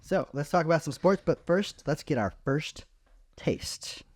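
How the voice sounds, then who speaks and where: Laid-back swearing podcast host, dry room. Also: male voice, on the high side, measured pace, no echo. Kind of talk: casual chat.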